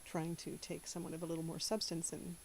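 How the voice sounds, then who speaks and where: A woman's voice: low-pitched, monotone, a little fast, a crowd in the background, poor audio. A woman from the American South chatting casually to camera, giggling often. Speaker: channel host.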